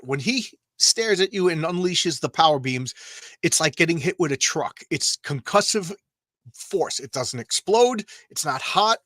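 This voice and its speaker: A man's voice: on the high side, fairly bright tone, no room sound. A man hosting a live comics stream, talking casually in a rambling, emotional way with frequent stammers and restarts. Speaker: comics channel host.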